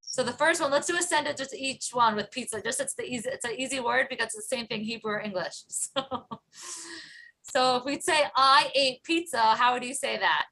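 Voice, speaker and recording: A woman teaching a small online class over a video call. She talks in a bright, slightly high voice, repeating phrases patiently and laughing often. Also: brisk, vocal fry. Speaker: Hebrew teacher.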